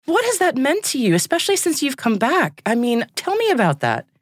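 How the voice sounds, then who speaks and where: A woman's voice: high-pitched, wildly swooping pitch, brisk, no room sound, clean studio sound. A woman in her thirties hosting an interview, effusive and openly moved by what she hears. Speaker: host. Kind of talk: interview conversation.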